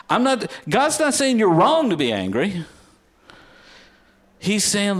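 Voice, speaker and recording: Animated, conversational preacher man. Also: measured pace, pauses often. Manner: lively, conversational preaching with self-mocking humor; addresses the congregation directly, drops to low earnest tones for scripture. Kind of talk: sermon.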